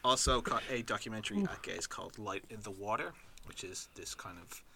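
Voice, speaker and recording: A man's voice: fairly low pitch, animated, a little fast, creaky, sharp tone, a little hiss or hum. A man on a podcast describing a documentary, hesitant, with many "um"s and "kind of"s. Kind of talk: casual film review chat.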